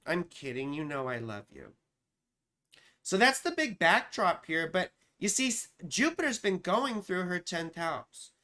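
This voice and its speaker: A woman's voice: lowish voice, very animated, measured pace, sharp tone. A woman astrologer hosting a live stream, chatting casually, reading out viewer comments, swearing freely and joking at her own expense. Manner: joking, profane, teasing.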